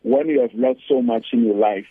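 A man's voice: medium pitch, sing-song, fairly quick, creaky, a crowd in the background. A man, a pastor and guest on a radio talk show, preaching earnestly and repeating scripture lines for emphasis over a phone line. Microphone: phone call-in.

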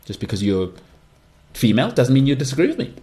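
Animated, opinionated English podcast host. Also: male voice, fast. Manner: opinionated, animated, jumps into high-pitched mock outbursts. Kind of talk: solo podcast monologue.

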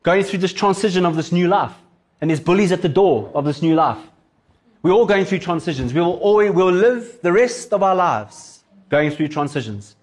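Man, pastor, sermon, casual animated storytelling, slightly high voice. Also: moderate pace.

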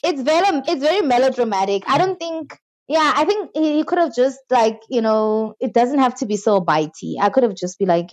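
A woman's voice: on the high side, animated, moderate pace, a little mellow. A woman co-hosting a podcast, chatting casually and often imitating others. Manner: chatty, laughing, imitates people. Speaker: podcast co-host. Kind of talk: casual chat.

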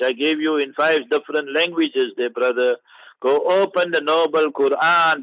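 A South African man, a mufti, answering listeners' questions on radio in a lively, preachy way with playful wordplay. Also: a little high, dry recording, muffled recording.

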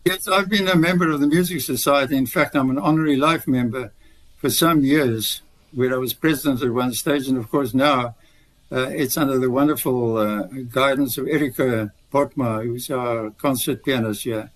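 A man's voice: medium pitch, moderate pace, poor audio. Older male guest, rambling anecdotal storyteller. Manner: rambling storyteller, many restarts. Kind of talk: radio interview.

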